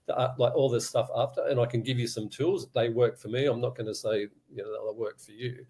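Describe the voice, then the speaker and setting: A man's voice: mid-range voice, fairly even intonation, fairly quick, hardly any pauses, dark tone. A middle-aged man, a guest in an interview, speaking candidly and casually and laughing now and then. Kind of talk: conversational interview.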